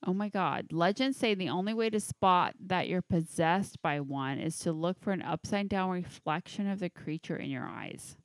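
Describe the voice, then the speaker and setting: This woman's voice is lowish, her speech moves at a normal speed with hardly any pauses, and the studio recording is clean and dry. She's a podcast host, tipsy with hiccups, chatting casually while reading creepy legends aloud. She giggles, curses, and trips over the names.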